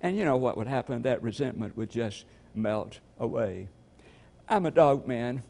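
An older man from Georgia delivering a sermon as pastor, with a slow, storytelling preacher cadence. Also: medium pitch, lively intonation, vocal fry, darkish tone.

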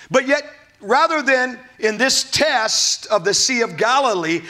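A man preaching a sermon from the United States, animated, asking the congregation rhetorical questions and acting out quotes. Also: very high voice. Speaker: pastor.

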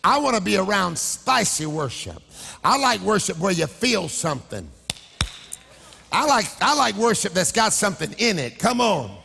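A man preaching a sermon, shouting and sing-songing his lines and calling out to the congregation. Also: high voice, big pitch swings, normal speed, creaky, big-room sound, a little hiss or hum. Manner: shouting, sing-song preaching with crowd call-outs. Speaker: pastor. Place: church sanctuary.

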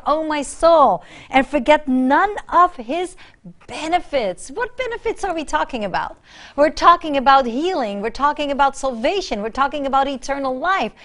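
Fervent high-voiced woman preaching. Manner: fervent, emphatic repetition, swings from soft to loud. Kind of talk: sermon.

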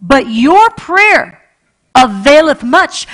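Impassioned woman preacher, high voice. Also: expressive, measured pace. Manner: impassioned, repeats phrases, swings between loud and hushed. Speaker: pastor. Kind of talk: sermon.

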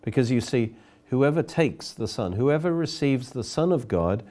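A man's voice: medium pitch, animated, a little slow, darkish tone. A man preaching a sermon, telling a story earnestly and often repeating words as he goes.

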